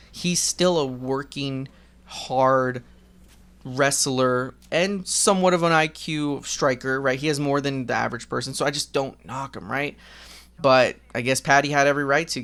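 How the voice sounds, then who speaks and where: A man with a gravelly edge and a mid-range voice chats casually into a desk mic while gaming. He rambles candidly, swears freely and leans on fillers like "um" and "like.". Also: medium pitch, a bit bright. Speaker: gaming vlogger.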